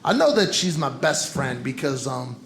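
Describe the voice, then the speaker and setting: A man's voice: medium pitch, big pitch swings, normal speed. A man in his forties performing a stand-up set in a comedy club, with punchy banter and riffs aimed at the crowd. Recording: roomy live club with loud crowd noise.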